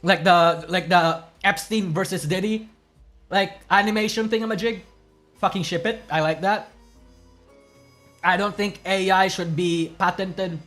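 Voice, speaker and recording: A man's voice: high-pitched, steady tone, unhurried, a bit bright, soft background music. A man streaming, giving blunt, profane opinions in a rambling way with many restarts. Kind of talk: casual reaction stream commentary.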